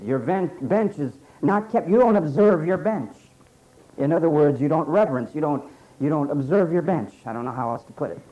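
A man preaching a sermon emphatically, repeating phrases and pausing for effect. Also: a little high, mellow. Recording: dull lo-fi sermon recording.

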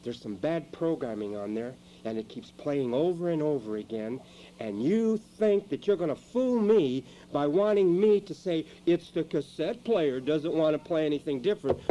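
A man preaching a sermon in a church, dramatic, moving between quiet asides and loud emphatic lines. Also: on the high side, animated, normal speed, slight background noise, rough recording.

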